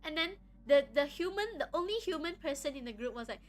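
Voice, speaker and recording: A woman's voice: sits high, expressive, quick pace. A young woman with a Malaysian English accent, chatting casually on a live stream and giggling between sentences.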